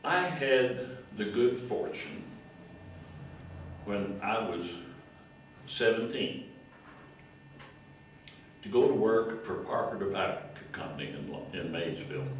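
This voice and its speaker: This is a retired county agent from Kentucky, in his 90s, with a lowish man's voice. He tells long personal stories in a slow, folksy, chuckling ramble. A little hiss or hum runs under the recording, made with a distant mic in an echoey room.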